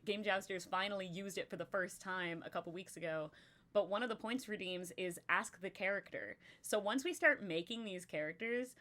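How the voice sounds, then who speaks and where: A woman's voice: lowish voice, a bit bright. A young adult woman hosting a live stream and running a game, talking casually and rambling with many fillers. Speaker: stream host and game master.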